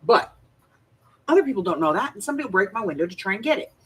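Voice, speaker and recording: Animated middle-aged woman telling stories. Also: mid-range voice, racing, breathy edge, low-quality recording. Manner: animated storyteller, laughs often. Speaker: craft livestream host. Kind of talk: casual chat while crafting. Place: home craft desk, indoors.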